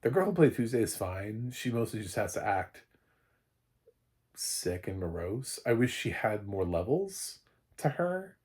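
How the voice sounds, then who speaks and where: A man's voice: fairly low pitch, big pitch swings, unhurried, a little mellow, slightly rough. A man giving a casual spoken movie review, rambling, restarting sentences and chuckling often. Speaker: film reviewer.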